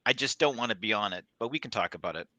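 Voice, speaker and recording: A male guest on a live trading stream, talking in a laid-back, quiet way that trails off. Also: fairly low pitch, animated, very fast, no echo. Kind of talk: casual livestream chat.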